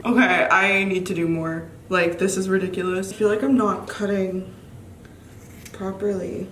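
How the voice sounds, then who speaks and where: A woman's voice: mid-range voice, little pitch movement, normal speed, a bit bright, slight background noise. A woman chatting casually to camera at home, nervous and giggly, often exclaiming. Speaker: beauty vlogger. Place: room at home. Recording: echoey room, mic a bit distant.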